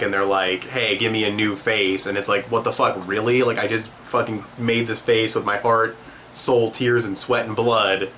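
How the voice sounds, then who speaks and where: A man's voice: lowish voice, bright, forceful tone, slight background noise. A young man giving a casual spoken comic review, loose and profane, acting out quotes as he goes.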